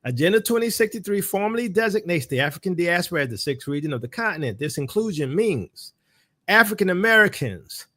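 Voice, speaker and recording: Here a ministry teacher from New Orleans preaches religious commentary, addressing the audience directly. He speaks high-pitched, very animated and fairly quick, in a bright, forceful tone with no room sound.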